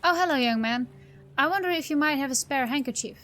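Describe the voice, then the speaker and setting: A woman's voice: high-pitched, fast talker, a bit bright. A woman voicing a fussy, fretful grown man who speaks in a prim, old-fashioned way.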